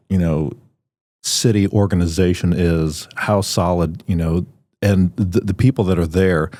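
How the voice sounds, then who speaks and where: A man co-hosting a podcast in a studio, rambling with lots of fillers and restarts and quick to laugh. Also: deep voice, a little mellow, no echo. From Filipino family. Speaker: podcast co-host. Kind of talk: casual chat.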